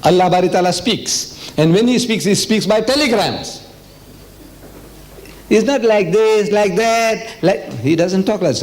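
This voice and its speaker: In a high-pitched voice at normal speed, an older man from South Africa gives a lively public talk on religion. He reads passages aloud and poses questions to the listeners.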